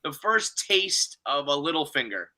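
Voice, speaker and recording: A man riffing on a casual podcast, his voice pitched a little high with a very bright, forceful edge. He talks loosely and profanely. He slips into quick impressions as he goes. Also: big pitch swings. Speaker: podcast co-host. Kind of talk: casual recap chat.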